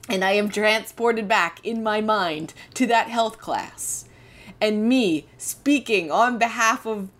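A woman's voice: medium pitch, fairly bright tone. A young woman, hosting a podcast and telling a candid, self-deprecating personal story. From Canada. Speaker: podcast host.

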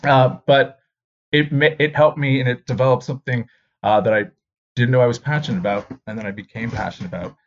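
A man's voice: mid-range voice, steady tone, a little fast. Man in his thirties telling a rambling personal story. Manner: rambling, self-deprecating, acts out voices in his anecdotes. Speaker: stand-up comedian. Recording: dull lo-fi recording.

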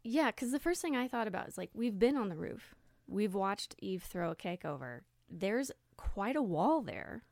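A woman co-hosting a podcast, chatting casually and thinking aloud in a relaxed way. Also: medium pitch, normal speed, dry recording, clean studio sound. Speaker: podcast co-host, moderator.

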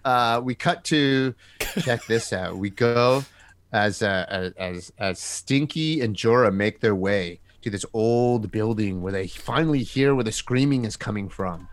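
A man's voice: fairly low pitch, measured pace, no room sound. A man running a tabletop game as game master, narrating loosely with many fillers. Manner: loose, chuckling, full of fillers.

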